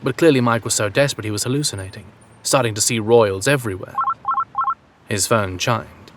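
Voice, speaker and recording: A man reading a story aloud in a steady, measured narration. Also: lowish voice, very noisy. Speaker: audiobook narrator. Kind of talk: scripted narration.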